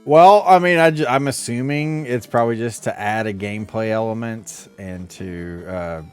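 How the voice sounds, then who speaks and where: A man's voice: medium pitch, normal speed, a little mellow, smooth, faint music behind. A man from Arkansas, a podcast co-host, chatting casually and crudely over a video game, laughing often. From Arkansas, USA. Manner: laid-back, laughs often, crude jokes. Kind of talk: casual chat over gameplay.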